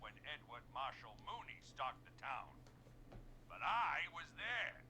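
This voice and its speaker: An actor playing a gruff older male newspaper reporter calling into a radio show, brusque and cursing in an old-timey reporter voice. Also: medium pitch, big pitch swings, a little slow, bright, forceful tone, slight background noise, heavily acted, poor audio. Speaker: caller.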